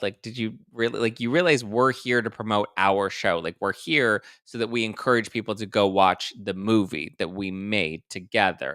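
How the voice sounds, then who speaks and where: A man in his thirties hosting a casual livestream, chatting quickly and reading viewer comments aloud. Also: lowish voice, clear, resonant tone, dry recording, studio quality. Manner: chatty, animated, reads live chat aloud. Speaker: host.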